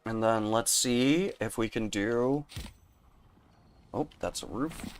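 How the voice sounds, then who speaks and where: Taking it slowly in a mid-range voice, a young man live-streams a game with faint music behind him. He's talkative and rambling, laughs a lot, and addresses his chat by name.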